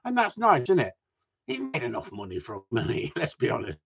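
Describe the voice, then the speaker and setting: A man's voice: medium pitch, wildly swooping pitch, brisk, gravelly, a bit bright, husky. Man, middle-aged, sweary live stream host, bouncy delivery, muffled recording. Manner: swears a lot, laughs often, chatty. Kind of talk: casual chat with viewers. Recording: dull lo-fi sound.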